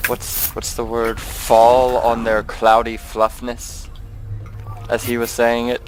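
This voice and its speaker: A man's voice: mid-range voice, completely flat delivery, takes it slowly, rough recording. A man in casual, amused chat while playing a role-play game online. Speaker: player. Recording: game music playing behind.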